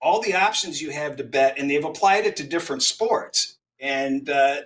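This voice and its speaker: A man who bets on sports and sells his picks, talking in an emphatic, lively way with his pitch swinging widely. His tone is bright and a little high, and his voice sits far from the mic. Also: moderate pace. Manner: emphatic, repeats words when stressing a point. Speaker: sports handicapper guest. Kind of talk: casual panel talk.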